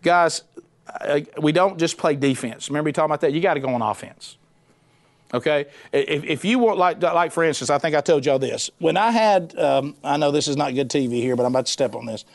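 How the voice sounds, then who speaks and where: A middle-aged man, a former radio host, preaching a sermon in an animated, conversational way with punchy repetition. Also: on the high side, fairly quick, gravelly.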